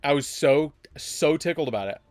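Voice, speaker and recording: A man's voice: fairly high pitch, animated, moderate pace, darkish tone, dry recording. A man casually chatting while streaming a card game live, rambling and breaking into surprised exclamations.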